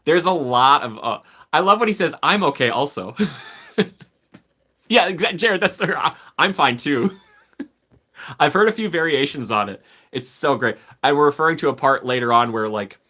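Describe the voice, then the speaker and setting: Man, live-stream host, casual chat, eager, laughs a lot, mid-pitched voice. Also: bright, forceful tone. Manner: enthusiastic, answers chat by name, laughs often.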